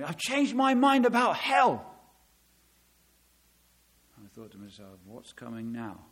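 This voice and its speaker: A middle-aged man preaching a sermon, dramatic, swelling loud on key words and dropping to a hush. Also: medium pitch.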